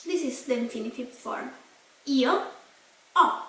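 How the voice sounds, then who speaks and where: A young Italian woman with an Italian accent, teaching a language lesson slowly and carefully, repeating each word. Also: high-pitched. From Italy. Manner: spells out and repeats words slowly. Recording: echoey room, mic at a distance.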